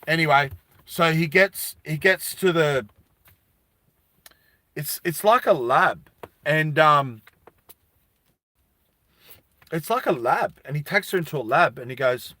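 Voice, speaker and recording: An Australian man telling a story on a live stream, animated and laughing often as he talks with viewers. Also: a little high, a little slow, dry recording.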